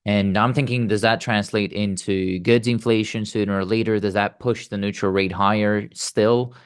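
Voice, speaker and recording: A man's voice: fairly low pitch, fairly even intonation, normal speed, clean tone. A man hosting an interview, agreeing with his guest and thinking aloud through his questions. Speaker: interview host. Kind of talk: conversational interview.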